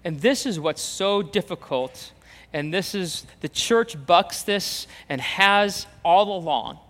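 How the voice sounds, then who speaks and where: Preaching slowly and expressively, a pastor speaks in a high-pitched, fairly bright voice. He's emphatic, repeats phrases, and dramatizes the voices he quotes, in a reverberant hall with a long echo.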